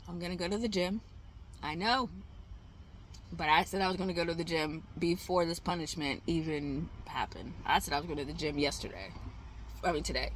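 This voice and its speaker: With a somewhat low, slightly bright voice and a bit of background noise, a worn-out trading vlogger talks to herself at home. Her casual vlog is candid and rambling, full of swearing and laughter.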